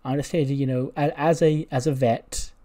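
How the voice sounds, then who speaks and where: A man's voice: medium pitch, steady tone, normal speed, warm tone, natural voice. A man voicing a veteran female wrestler lecturing a younger champion, rambling and hesitant, full of "you know". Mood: earnest.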